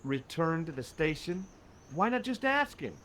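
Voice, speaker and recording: A man's voice: a little high, sing-song, normal speed, fairly bright tone. An actor playing a wry male adventurer who narrates his own exploits with dry sarcasm.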